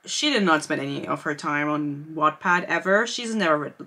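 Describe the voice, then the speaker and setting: A woman's voice: low voice, lively intonation, moderate pace, very noisy. A woman in her twenties giving a casual, sarcastic book review vlog, laughing and reading excerpts aloud.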